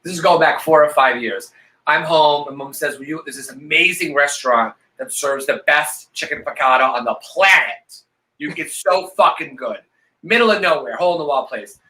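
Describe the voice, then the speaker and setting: A man's voice: on the high side, moderate pace, pushed and bright, poor audio. A man co-hosting a live talk stream, telling a long story with lots of swearing and acting out the voices of the people in it. He is tipsy from a couple of glasses of vodka. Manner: profane, theatrical, acts out quoted voices. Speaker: co-host.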